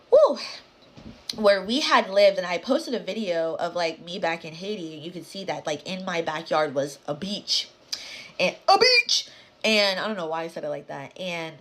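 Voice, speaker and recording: A woman telling a spooky story time in a casual, dramatic way, swearing, talking straight to her viewers and dropping into hushed whispers for suspense. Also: lowish voice, slight background noise. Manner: dramatic, animated, swears and addresses viewers directly.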